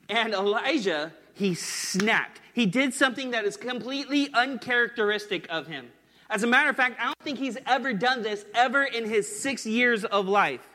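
High bright-voiced male preacher, echoing hall. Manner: earnest, conversational storytelling. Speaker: pastor. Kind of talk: sermon.

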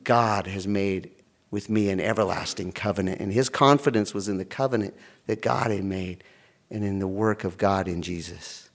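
A middle-aged pastor with a low voice preaches at normal speed, narrating stories with animation and imitating the voices of the people who appear in them.

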